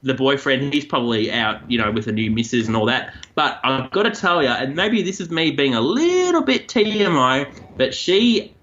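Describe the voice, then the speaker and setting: A man's voice: mid-range voice, normal speed, few pauses, lo-fi sound, a little hiss or hum. A man, co-hosting a podcast and chatting casually about odd news stories. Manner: chatty, animated storytelling. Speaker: co-host.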